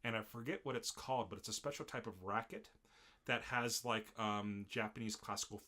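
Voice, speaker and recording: A young man co-hosting a casual podcast, recapping an anime episode with animated retellings of scenes. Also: on the low side, brisk. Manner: animated, acts out character lines in shifting voices. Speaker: podcast co-host.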